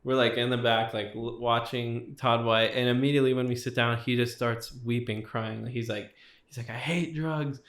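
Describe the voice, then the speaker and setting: A man's voice: mid-range voice, little pitch movement, normal speed, fairly bright tone. Young guy telling his story in a casual way, says like a lot, voice kinda echoes in the room. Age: young adult. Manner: casual, filler-heavy storytelling with many likes. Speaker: guest. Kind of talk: personal testimony in casual chat.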